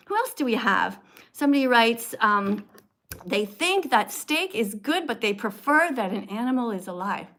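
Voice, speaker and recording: A woman in her sixties with a high, fairly bright voice hosts a casual livestream on her phone camera. Chatty and upbeat, she laughs as she greets viewers and reads their comments.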